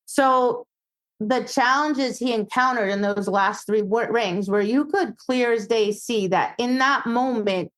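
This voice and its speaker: A woman dog obedience trainer, a guest on a casual podcast, telling animated stories and acting out quoted voices. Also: on the high side, a little slow, low-quality recording.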